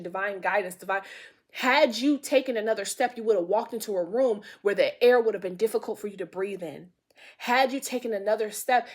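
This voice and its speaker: Rambling, excitable woman tarot reader. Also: medium pitch. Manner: rambling, filler-heavy storytelling; excitable, loses words mid-sentence. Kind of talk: casual tarot reading.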